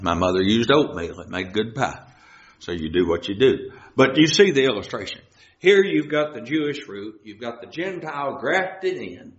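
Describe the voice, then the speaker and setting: A man teaching a folksy Bible sermon, explaining scripture with homespun everyday illustrations. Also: mid-range voice. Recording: roomy, dull lo-fi recording.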